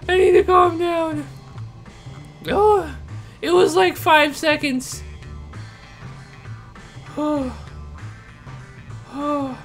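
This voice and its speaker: Very high-pitched, tearful, hoarse woman. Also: steady tone, extremely slow, pauses often, soft background music. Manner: shrieking, laughing and swearing. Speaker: reaction video creator. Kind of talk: excited reaction commentary.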